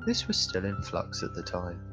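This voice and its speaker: Calm British man over music. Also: low-pitched, moderate pace. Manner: calm, even reading voice. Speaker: podcast co-host. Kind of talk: casual gaming podcast chat and reading notes aloud. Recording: clear music playing behind.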